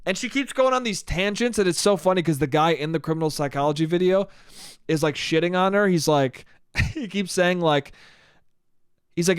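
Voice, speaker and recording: Profane, animated podcast host, smooth voice. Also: male voice, sits high, moderate pace, no room sound, studio quality. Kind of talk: casual solo podcast monologue.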